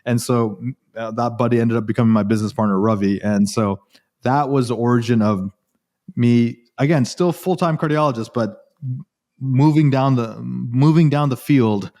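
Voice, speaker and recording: A man's voice: medium pitch, moderate pace. A man in his forties, a cardiologist guest, telling his story in a casual interview, quoting himself often and restarting sentences. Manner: animated, quotes himself often, frequent restarts. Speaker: cardiologist and real estate investor guest.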